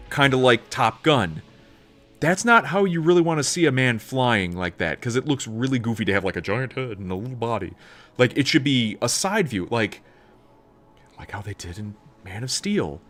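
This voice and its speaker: A man streaming live, chatting casually and ranting, laughing often and filling in with "like" and "um". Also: mid-range voice. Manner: animated, ranting, laughs often, lots of fillers. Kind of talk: casual livestream chat.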